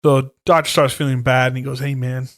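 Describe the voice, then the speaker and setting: A man's voice: mid-range voice, quick pace, no room sound, studio quality. A man on a podcast retelling a horror movie plot in casual chat, swearing a lot and acting out the characters' lines. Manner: animated storytelling, heavy swearing, acts out lines. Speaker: podcast co-host.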